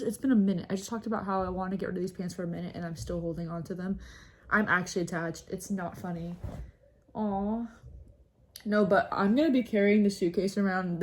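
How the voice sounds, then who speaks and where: A young woman in her twenties chatting casually to camera in a vlog, self-mocking and often dropping into soft asides. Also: mid-range voice. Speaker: vlogger. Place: on the move, home, train and hotel room.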